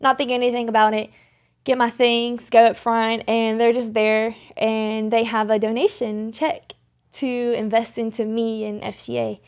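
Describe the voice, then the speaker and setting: Young woman on a podcast telling her faith story, bit high voice, lots of ums and restarts, earnest. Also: flat delivery, moderate pace, clean tone. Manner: earnest, rambling with many restarts and fillers. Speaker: podcast guest. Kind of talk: faith testimony in conversation. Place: podcast studio.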